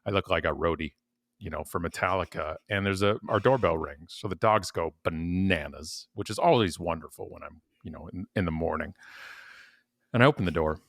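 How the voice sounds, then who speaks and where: A man guest in a podcast interview, telling stories in an animated, emphatic way and repeating words when he gets worked up. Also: low voice, a little fast. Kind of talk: conversational interview. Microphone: podcast mic at home.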